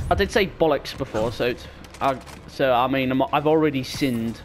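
Commentating his own game in a casual let's-play, a young man rambles, pokes fun at himself, and bursts into goofy yelps without warning. He speaks in a mid-range voice at a moderate pace.

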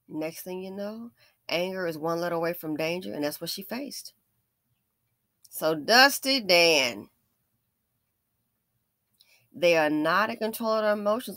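A woman's voice: a little high, sharp tone, no echo, studio quality. Sassy, emphatic woman commentator. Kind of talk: true-crime commentary.

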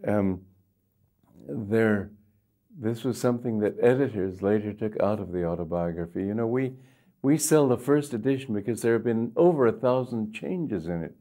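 Mellow older man telling spiritual stories. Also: lowish voice, lively intonation. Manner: gentle, unhurried, with frequent pauses and "uh" fillers. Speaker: spiritual teacher. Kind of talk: storytelling sermon.

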